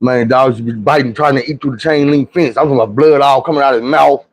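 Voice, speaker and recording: With a mid-range voice and a quick pace, a man from Arkansas tells a casual, profane story from his childhood. He's animated, acting out the other people's voices as he goes and peppering it with profane slang.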